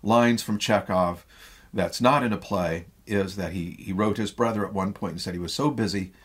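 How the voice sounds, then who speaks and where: Midwestern American man, husky lecturer. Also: on the low side, normal speed. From Midwestern United States. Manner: animated storyteller with frequent fillers. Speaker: theatre professor. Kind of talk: lecture retelling a play.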